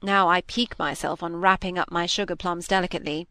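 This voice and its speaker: A woman reading aloud, voicing a tired, plaintive young gentleman with mild gallantry. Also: fairly low pitch, steady tone, fast talker, clear, resonant tone, no echo, studio quality.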